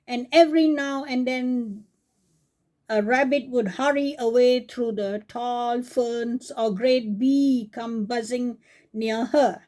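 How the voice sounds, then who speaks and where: A woman reading a fairy tale aloud for children, slowly and gently, stopping to talk to her young listeners. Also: fairly high pitch. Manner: slow, with chatty asides to young listeners. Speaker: storyteller on a kids' channel.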